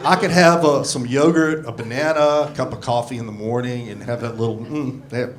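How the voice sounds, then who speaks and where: A man in his sixties doing a gruff, profane, self-mocking stand-up comedy set on a club stage. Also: mid-range voice, fairly even intonation, brisk, heavy background noise. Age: 60s. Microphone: handheld stage mic. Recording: live club recording with crowd laughter. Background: audience laughing.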